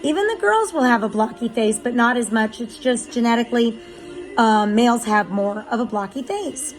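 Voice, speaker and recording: A woman's voice: on the high side, expressive, moderate pace, faint music behind, low-quality recording. A woman dog breeder in a casual vlog, chatting and explaining with filler ums.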